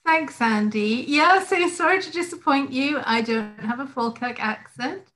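A middle-aged woman from England, a guest on a podcast over a video call, talking in a friendly, relaxed way with many ums. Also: sits high, unhurried, poor audio. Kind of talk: casual interview chat.

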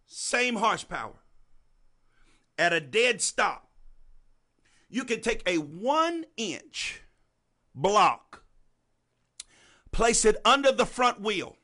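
Male preacher, high and animated, bright voice, drawn-out deliberate delivery, repeats lines to a congregation. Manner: repeats phrases for emphasis, calls on congregants by name; swings between soft and loud. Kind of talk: sermon.

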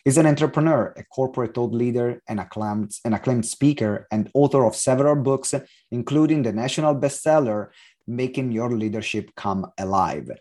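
A man with an Italian accent hosting a podcast interview, lively and jokey, with frequent "uh" fillers. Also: mid-range voice, moderate pace. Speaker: podcast host. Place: London.

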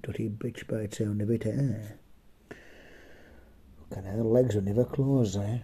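A slightly hoarse man rambles through a crude comic story, swearing freely and ending his jokes with a chuckled "eh?". His tone is very dark and his voice is husky and rough. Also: medium pitch. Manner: foul-mouthed, rambling, chuckling, tags lines with "eh?". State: a bit hoarse. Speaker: comedic storyteller. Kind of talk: profane comedic storytelling chat.

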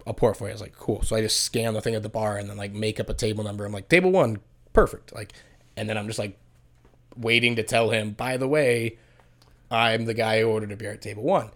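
A podcast co-host tells a long, rambling story in casual chat, packed with filler words and "like", swearing and acting out what people said. His voice is lowish, steady and a bit bright, with a quick pace.

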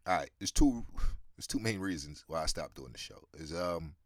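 A man's voice: low voice, lively intonation, normal speed, dry recording, clean studio sound. A man hosting his own show, ranting in a loose, profane monologue full of fillers and laughter. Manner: profane, rambling, laughs often. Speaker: podcast host. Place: New York.

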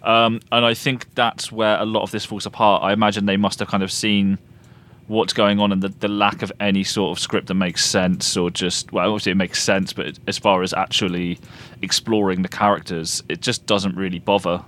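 A man co-hosting a podcast, chatting casually and jokily about a film, getting animated when excited. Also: normal speed. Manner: animated, jokey, rises in pitch when excited. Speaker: podcast co-host. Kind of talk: casual film review chat.

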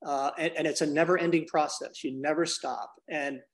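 Energetic man teaching a business formula. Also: on the high side, brisk. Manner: energetic, acts out dialogues in different voices; addresses the host by name often. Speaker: business consultant and trainer. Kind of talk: podcast interview guest.

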